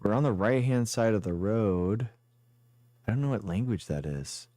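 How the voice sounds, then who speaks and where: A man's voice: lowish voice, animated, normal speed, mellow, no echo, studio quality. A man streaming a guessing game live, rambling and thinking aloud as he plays. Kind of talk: casual live game commentary.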